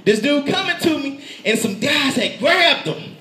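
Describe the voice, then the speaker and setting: High, bright-voiced preacher, animated and echoing. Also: male voice, moderate pace. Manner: animated, playful, laughing and shouting in bursts. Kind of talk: lively sermon. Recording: echoey room.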